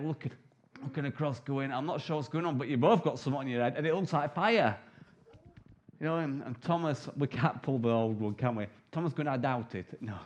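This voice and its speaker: A middle-aged man preaching a sermon, telling the story vividly and acting out the disciples' lines in quick asides. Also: on the high side.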